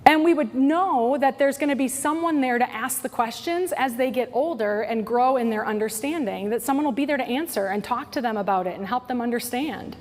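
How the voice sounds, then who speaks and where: A woman in her forties giving a workshop talk to church staff, telling stories in an animated way and often adding "right?". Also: fairly high pitch, brisk, hardly any pauses. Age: 40s. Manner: animated storytelling, tag questions like "right?". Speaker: workshop speaker. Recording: hall reverb, faint noise.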